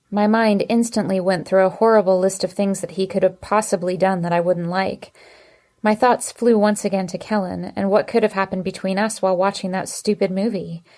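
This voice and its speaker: A woman reading a first-person romance audiobook with expressive, emotive storytelling. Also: mid-range voice. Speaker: audiobook narrator.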